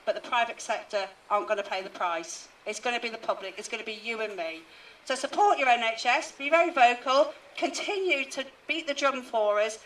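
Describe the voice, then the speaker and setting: A woman's voice: on the high side, fairly bright tone, distant mic, slight background noise, poor audio. A woman NHS worker giving an indignant protest speech at an outdoor rally. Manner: indignant, rising to emphatic questions.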